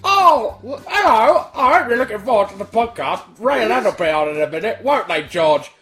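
A man doing a comic impression of a brash, excitable male children's TV puppet. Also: high voice, brisk, soft background music, voice pushed up, exaggerated voice.

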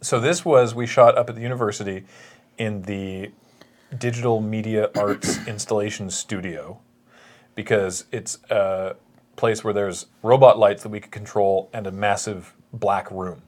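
A man's voice: lowish voice, a little slow. A man hosting a casual chat, telling stories animatedly and laughing often. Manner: animated storytelling with acted quotes and laughs. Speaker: podcast host.

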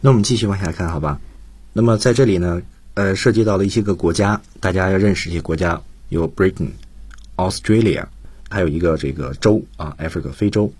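A man's voice: deep voice, fairly quick, darkish tone, slightly rough, dry recording. A man teaching English on the radio, patiently explaining and repeating key points in a bilingual lesson.

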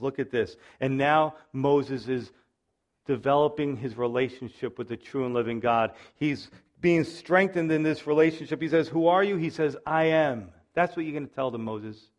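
A man preaching a sermon to a congregation, swinging from loud rises to soft drops and calling out "listen" and "you see.". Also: mid-range voice, moderate pace. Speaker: pastor.

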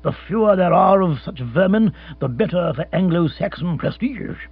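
A grim, morose hunter captain who speaks slowly and bluntly, as a male reader puts him on. The voice is husky and the sound tinny and phone-like, with mains hum behind. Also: sits high, lively intonation, no room sound, pitched above the performer's own voice, full character voice. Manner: blunt, grim, slow and deliberate. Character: gruff, morose middle-aged male big-game hunter captain.

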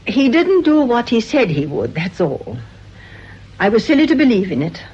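A meek, resigned woman in an old radio play, soft and apologetic. Her husky voice rises and falls expressively, and the recording is dull and lo-fi. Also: fairly high pitch, sing-song, normal speed. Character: meek, self-effacing spinster, gentle and resigned. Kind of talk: radio drama acting.

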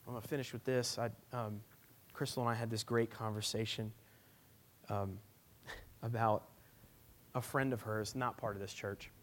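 A male pastor preaching a sermon at a church service, swinging from loud, emphatic lines to hushed, near-whispered ones. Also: on the low side, steady tone, normal speed, pauses often.

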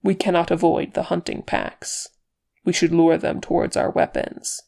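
A reader voicing a calm, solemn male elf scout in an audiobook, measured and quiet. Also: mid-range voice, gravelly. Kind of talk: audiobook character reading.

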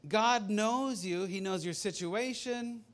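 Conversational higher-voiced male pastor. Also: slow. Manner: conversational, rambling with asides. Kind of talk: sermon.

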